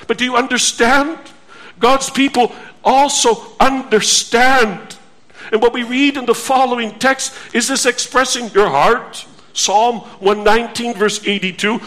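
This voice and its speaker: Male preacher, very high voice, slow deliberate delivery, earnest and repetitive. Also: fairly even intonation, a bit bright. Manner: slow, earnest, repeats phrases with rhetorical questions. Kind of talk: sermon.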